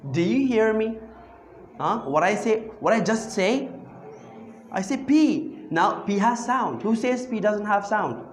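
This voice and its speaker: High-voiced man teaching grammar, echoey. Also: expressive, unhurried. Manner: questioning, repeats phrases and asks the class to answer back. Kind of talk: classroom grammar lesson. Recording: echoey room.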